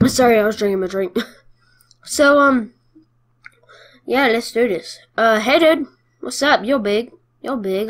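Excitable woman narrating her gameplay. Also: fairly high pitch, measured pace. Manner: playful and excitable, cheering and taunting the other players. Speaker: gameplay commentator. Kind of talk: casual gameplay commentary.

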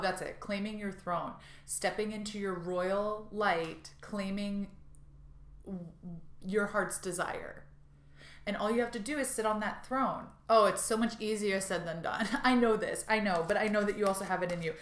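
A woman's voice: mid-range voice, fairly bright tone. A woman giving an intuitive card reading to her viewers. She talks in a bubbly, gushing way, with frequent laughs and fillers. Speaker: tarot and intuitive card reader. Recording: roomy echo.

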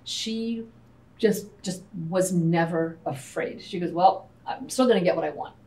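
A woman's voice: fairly low pitch, measured pace, mellow. A woman co-owner of a restaurant, sharing candid personal stories in a panel talk and acting out family dialogue. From United States. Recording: distant mic with faint background noise.

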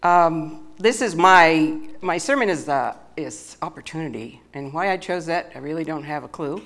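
A woman with a low voice preaches to a small church congregation. She speaks in a halting, homespun way and sounds a little nervous, often restarting her phrases. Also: animated, fairly bright tone. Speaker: lay preacher. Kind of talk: church sermon.

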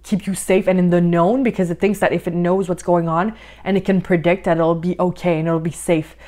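A woman's voice: on the low side, little pitch movement, fairly quick. A woman life coach talking through a podcast lesson in an encouraging way, often saying "like" and a little out of breath. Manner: warm, encouraging, uses many "like" fillers. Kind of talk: podcast monologue, guided coaching.

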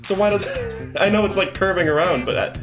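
A man's voice: high-pitched, a little fast, music in the background. A man streaming games live, chatting, thinking aloud and swearing casually as he plays. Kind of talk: live game-stream commentary. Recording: echoey room.

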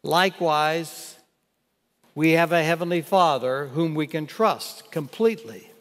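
An older man preaching a sermon as pastor in a church, earnest and measured, reading scripture aloud. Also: a little high. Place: church sanctuary. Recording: long church hall reverb.

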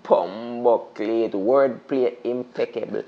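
A man with a Jamaican accent giving an excitable, patois-heavy reaction commentary, repeating "you see me, I say". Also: on the high side, moderate pace, lo-fi sound. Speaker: music reaction host.

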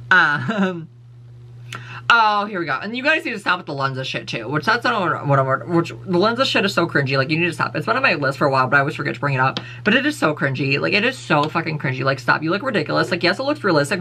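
A man's voice: on the high side, pushed and bright. A man ranting on his vlog, sassy, blunt and full of profanity. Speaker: vlogger. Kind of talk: casual opinion rant.

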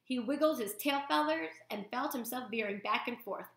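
A woman reading a children's novel aloud to young listeners in an expressive storytelling manner. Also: a little high, moderate pace, creaky, reverberant. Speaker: storytime reader.

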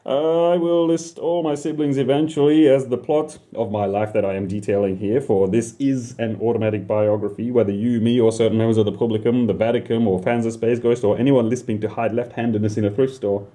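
A man's voice: medium pitch, steady tone, a little fast, hardly any pauses, dark tone. A man telling an absurd comic story about himself in the first person, rambling, swearing and talking back to his listeners.

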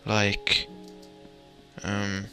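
A man's voice: fairly low pitch, completely flat delivery, drawn-out words, pushed and bright, soft background music. A young man giving casual, rambling commentary while playing a building game, muttering to himself and swearing mildly. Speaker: gamer commentator.

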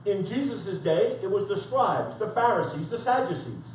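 Male preacher with a very high voice, emphatic scripture reading, recorded far off in a reverberant room. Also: animated, moderate pace, a little hiss or hum. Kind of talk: sermon. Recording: echoey room from far off, faint background.

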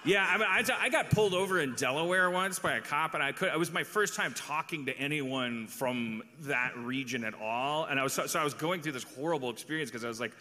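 Rambling bright-voiced man on a theater stage. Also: fairly high pitch, a little fast, few pauses. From Milwaukee, US. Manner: rambling, self-mocking storytelling. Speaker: podcast host. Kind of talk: live stage comedy chat. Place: large theater stage before an audience. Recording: live theater with hall reverb.

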